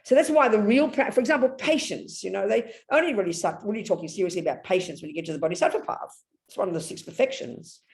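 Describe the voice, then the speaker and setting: An older woman with an English accent giving a blunt, animated Buddhist talk, telling stories and breaking into sudden loud bursts. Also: medium pitch, fast. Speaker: Buddhist nun teacher. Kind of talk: Dharma talk.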